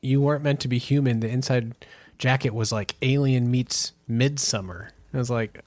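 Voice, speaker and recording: A man co-hosting a book podcast talks about a novel in a relaxed, blunt way, with the odd casual curse. His voice sits at an average pitch for a man. The recording is close and dry. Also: normal speed, dry recording. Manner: laid-back, blunt, casual swearing.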